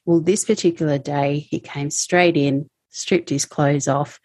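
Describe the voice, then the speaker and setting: A woman recounting her personal experiences as an interview guest, speaking in a halting, emotional way. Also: deep voice, fairly even intonation, darkish tone, dry recording. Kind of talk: personal testimony.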